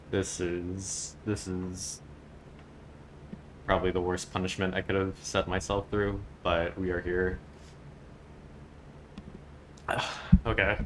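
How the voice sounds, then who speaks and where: Male streamer with a low, sleepy morning voice, slow and flustered, joking at his own expense over a faint hiss. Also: completely flat delivery, a bit bright. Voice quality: groggy morning voice. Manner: flustered, self-mocking, easily cracks up. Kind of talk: live stream chat and reading aloud.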